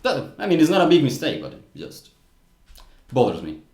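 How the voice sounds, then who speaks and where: A man's voice: mid-range voice, huge pitch swings, moderate pace, darkish tone. A man giving casual video commentary on clips, thinking aloud in a frank, critical way. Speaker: language commentator. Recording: roomy echo.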